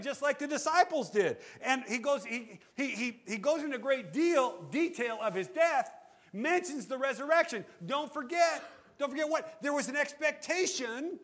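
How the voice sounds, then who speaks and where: A male pastor preaching a sermon, animated, asking the congregation rhetorical questions. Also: very high-pitched.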